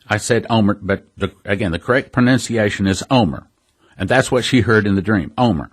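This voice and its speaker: Earnest man preaching on radio. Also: medium pitch. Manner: earnest, emphatic, slows down on key words. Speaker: radio prophecy ministry host. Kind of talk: radio sermon commentary.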